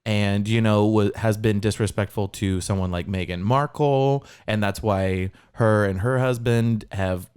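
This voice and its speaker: A man's voice: lowish voice, fairly even intonation, a little slow, hardly any pauses, darkish tone, clear, resonant tone. A man co-hosting a comedy podcast, riffing along in a dry, mock-earnest tone. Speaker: podcast co-host. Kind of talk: casual comedic banter.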